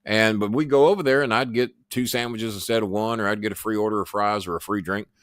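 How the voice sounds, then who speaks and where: A podcast host rambles through a casual storytelling monologue on his own show, full of boasts, swearing and stammered restarts. His fairly low voice is steady, fast and a bit bright, captured in a dry recording.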